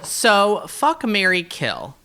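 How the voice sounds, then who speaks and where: A woman co-hosting a casual podcast interview, setting up questions and jokes in a dry, deadpan way. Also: mid-range voice, takes it slowly. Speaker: podcast co-host.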